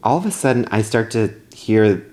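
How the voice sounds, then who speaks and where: A man's voice: fairly low pitch, expressive, normal speed, a little mellow. A young man co-hosting a podcast, telling a story in casual chat and acting out his own past lines. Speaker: podcast co-host.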